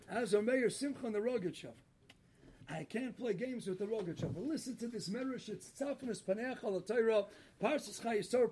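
A man teaching a Torah class, telling rabbinic stories in an animated way and laughing at his own punchlines. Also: extremely high pitch.

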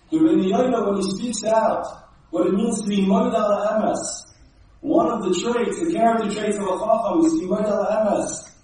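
High-voiced man lecturing in an echoey hall. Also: dark tone, distant mic. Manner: earnest, measured storytelling. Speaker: rabbi giving a talk. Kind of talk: yeshiva-style lecture with stories.

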